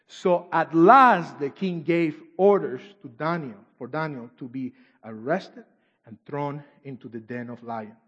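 A man preaching a sermon and reading scripture aloud, swinging from shouts to near-whispers, with non-native English phrasing. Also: on the high side, a little slow. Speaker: pastor. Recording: dull echoey hall recording.

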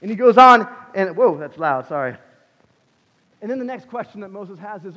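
A man preaching a sermon on a headset mic, animated, swinging between loud bursts and hushed passages. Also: sits high, normal speed, in a large hall, muffled recording.

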